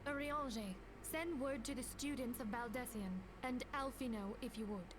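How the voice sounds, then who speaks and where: Actress playing a composed woman leader, high voice, formal measured commands, game audio with steady background noise. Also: lightly acted. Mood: commanding. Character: calm woman leader issuing orders. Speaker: game character.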